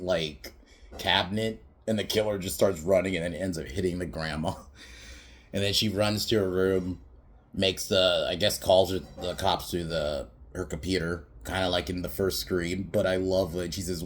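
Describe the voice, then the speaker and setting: A man with a very low voice talks through a film's scenes in a loose, unscripted podcast recap. He wanders, swears casually and keeps breaking into laughter at the jokes he retells. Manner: rambling, laughs often, swears freely, many fillers. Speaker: podcast movie reviewer.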